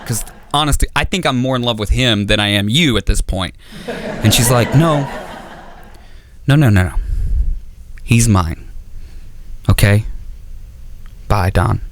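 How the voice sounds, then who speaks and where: A man's voice: medium pitch, noisy background. A man doing stand-up comedy, telling a story in an exasperated, stammering, profane way, acting out both sides of a conversation. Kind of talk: stand-up routine. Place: comedy club stage.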